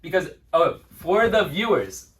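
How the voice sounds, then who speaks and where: A man's voice: a little high, very animated, unhurried, far from the mic. Laughing young man, a bit off-mic. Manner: laughs often, reads lines with mock flair. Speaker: host reading lyrics in a quiz. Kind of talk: casual chat.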